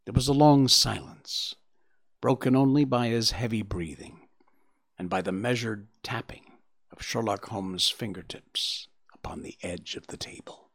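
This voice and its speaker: A man narrating an audiobook in an expressive, dramatic reading style. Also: on the low side, unhurried, no echo, clean studio sound.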